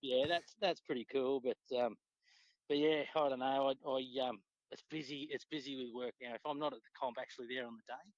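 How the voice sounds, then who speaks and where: A man with an Australian accent, a podcast guest telling fishing stories in a relaxed, swearing, casual way. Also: fairly quick, no room sound. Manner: laid-back, swears freely, acts out quotes with pitch jumps. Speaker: podcast guest, tournament angler. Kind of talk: casual storytelling chat. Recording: dull lo-fi dry sound.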